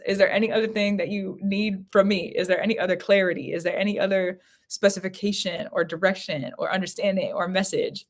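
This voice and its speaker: A woman's voice: medium pitch, fairly even intonation, fairly quick, hardly any pauses. A woman giving a live psychic reading from home, intense and repetitive, breaking into bursts of laughter. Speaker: tarot reader. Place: home living room.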